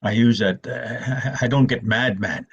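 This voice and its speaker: An older man, an elder telling stories in a gentle, slow way, often restarting his words, with a husky voice. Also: mid-range voice, lo-fi sound. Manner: soft, slow and repetitive, with many restarts. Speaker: elder storyteller. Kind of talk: gentle storytelling talk.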